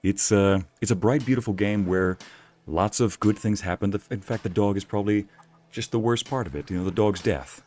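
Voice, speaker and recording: A man casually commentating a video game as a streamer, playful and jokey, sometimes breaking into loud yelling. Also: lowish voice, brisk.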